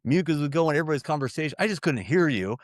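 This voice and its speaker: A sleepy landlord picking up the phone late at night, raised well above the storyteller's own low register, as a man puts him on. He sounds startled at first, then easygoing and friendly. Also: lively intonation, rapid-fire, no echo, studio quality, close to an everyday voice. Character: groggy middle-aged male landlord woken on the phone.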